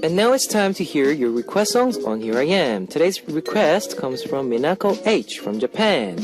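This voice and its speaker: A male radio DJ hosting a music request show, reading listener messages aloud in a playful, animated way. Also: on the high side, normal speed. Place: radio studio. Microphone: studio microphone.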